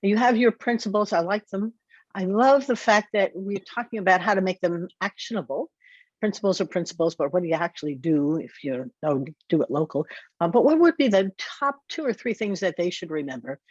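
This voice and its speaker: A woman's voice: mid-range voice, animated, brisk, a little mellow, no room sound. Older woman hosting, dry lo-fi sound. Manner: reflective, laughs often. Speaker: podcast host. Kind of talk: conversational interview.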